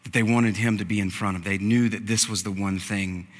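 A man's voice: on the low side, fairly even intonation, brisk. A man preaching a conversational sermon, acting out the characters' lines as he goes. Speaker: pastor. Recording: preached in a large hall with long reverb.

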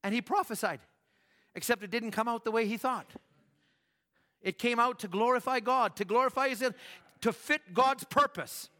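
A man preaching a sermon in a church hall, telling stories with animation, acting out voices and rising to shouts. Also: extremely high pitch, moderate pace. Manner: animated storytelling, acts out voices, rises to shouts. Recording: long hall reverb.

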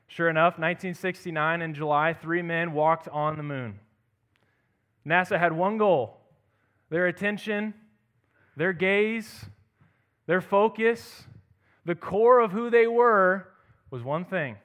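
A young man preaching a sermon, reading scripture aloud and then speaking with rising emphasis on key phrases before dropping softly at the ends of lines. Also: sits high, a little slow, pauses often.

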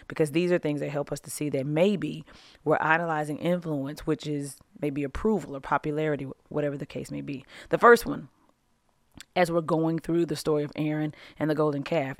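A woman hosting a devotional podcast, teaching from scripture in a casual, animated way, often laughing and acting out little quotes. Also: deep voice, a little fast, no echo, clean studio sound. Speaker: podcast host and Bible teacher.

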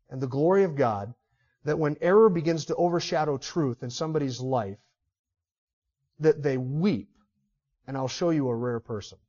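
A man preaching an expository sermon as pastor, passionate and emphatic, swinging between loud stresses and hushed asides. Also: a little high, dull audio.

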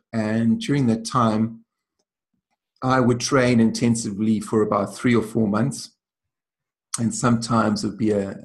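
A man being interviewed as a traditional healer, telling reflective stories in a thoughtful, measured way. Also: on the low side, gravelly. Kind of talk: reflective storytelling.

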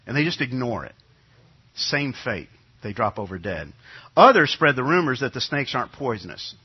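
A man delivering a sermon, his husky voice rising and falling as he tells the story and acts out panicked crowd voices. The recording is dull and lo-fi. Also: medium pitch, big pitch swings, normal speed, long pauses. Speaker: preacher.

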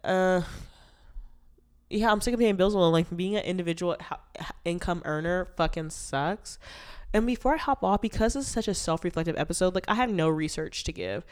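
A young woman hosts her own podcast solo, talking candidly and playfully. Her voice sits a bit low for a woman. A stuffy nose from allergies colors her speech. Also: brisk. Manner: chatty, candid and playful, with bursts of loud laughter and sung lines. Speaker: podcast host. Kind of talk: casual solo podcast chat.

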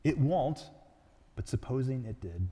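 A calm, burning angel speaks slowly and gravely, as a man reads him aloud. Each word is measured and quiet, and a long reverb trails behind it as in a large hall. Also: mid-range voice, natural voice. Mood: solemn. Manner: slow and measured.

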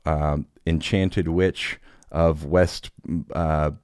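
A man's voice: extremely low pitch, fairly even intonation, extremely slow, a little mellow, clean tone, no echo, clean studio sound. A man hosting a podcast in casual chat, rambling and jokey, often laughing. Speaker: podcast host.

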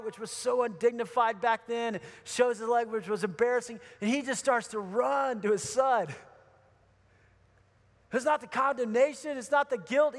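High-voiced man preaching in a hall. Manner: conversational, animated storytelling. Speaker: pastor. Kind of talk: sermon.

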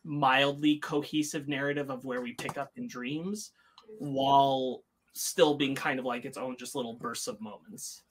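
A man's voice: medium pitch, fairly even intonation, unhurried, a little hiss or hum. A man co-hosting a podcast, talking through a review in a casual, hesitant way with many ums and uhs. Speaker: podcast co-host.

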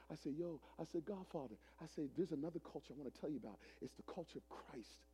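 A man in his forties preaching a sermon as a pastor, telling a story dramatically, swinging from loud preaching to hushed retelling. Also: on the high side, animated, fast talker, hardly any pauses, slightly rough. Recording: long hall reverb.

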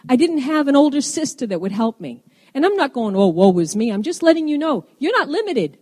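Middle-aged woman preaching, earnest and emphatic, kinda high voice, long hall echo. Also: sing-song, fairly quick, darkish tone. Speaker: women's ministry speaker. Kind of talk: sermon. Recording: long reverb in a large hall.

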